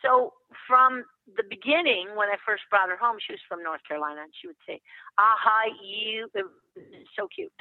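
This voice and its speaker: A woman's voice: medium pitch, sing-song, fairly quick, no room sound. Older woman guest, earnest storyteller, phone-line sound, dry. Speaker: guest therapist. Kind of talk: casual podcast interview.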